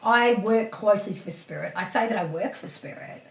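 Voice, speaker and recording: A woman coach talking casually on a podcast, animated, laughing often and swearing offhand. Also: medium pitch, normal speed, vocal fry, reverberant, distant mic. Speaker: spiritual empowerment coach, guest.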